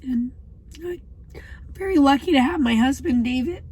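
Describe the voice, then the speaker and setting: A woman in her twenties talking in a personal video diary, halting and emotional, with many pauses. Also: high voice, darkish tone, a little hiss or hum, rough recording. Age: 20s. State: shaky. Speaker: vlogger.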